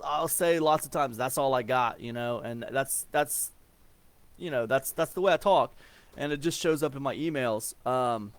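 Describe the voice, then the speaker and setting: A man's voice: on the high side, no echo. Guy from ohio in his 40s rambling casually, lots of ums and restarts, dry close mic. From Ohio, USA. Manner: rambling, with many fillers and repeated words. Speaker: email marketing coach. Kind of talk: casual explanatory talk.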